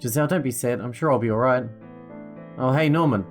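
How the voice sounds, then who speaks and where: A man voicing a frail, kind young girl in a visual novel, speaking softly and gently. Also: medium pitch, a little fast, faint music behind, lightly acted. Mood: gentle. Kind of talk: reading a visual novel aloud.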